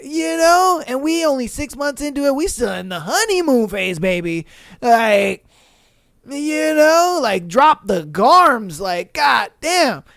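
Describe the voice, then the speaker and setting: A man hosting a podcast on his own, reading listener stories and reacting in loose, animated slang with a lot of swearing. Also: very high voice, slow, gravelly, no room sound, clean studio sound. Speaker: podcast host.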